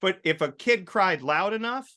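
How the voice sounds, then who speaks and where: Guy hosting a chat show, bright punchy voice, tells stories all animated. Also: high voice, normal speed. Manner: animated storyteller, acts out quoted voices. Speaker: host. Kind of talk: casual chat.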